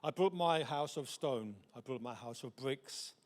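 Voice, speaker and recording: A man volunteer in church voicing a stern, hardworking male pig in a deliberately deep, firm reading. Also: long reverb tail, natural voice. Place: church stage.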